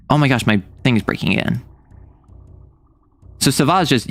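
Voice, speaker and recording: Soft background music plays as a young American streamer chats casually in a medium-pitched, somewhat bright voice, talking fairly quickly. His talk meanders and jokes, and he frequently interrupts himself.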